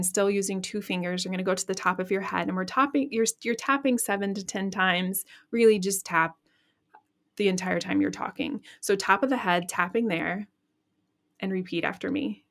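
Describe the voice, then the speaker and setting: A woman coach leads an EFT tapping exercise in a calm, instructive way. She names each tapping point and speaks short affirmations for the listener to repeat after her. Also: mid-range voice, normal speed. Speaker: podcast host and EFT coach. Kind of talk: guided EFT tapping lesson.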